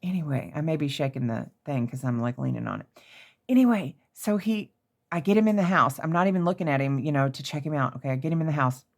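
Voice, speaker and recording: A woman from Oklahoma with a low-pitched voice, talking casually in her craft room. She tells stories in an animated, excitable way and often jumps up into shrieky high notes. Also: fast talker. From Oklahoma, USA. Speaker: crafter showing handmade pieces. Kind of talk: casual storytelling vlog.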